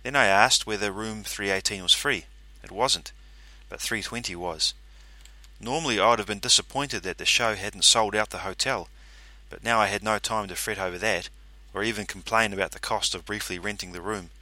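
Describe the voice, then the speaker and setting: A man's voice: on the low side, sharp tone, no room sound. A man reading a first-person story aloud, in a dry, matter-of-fact narrating manner.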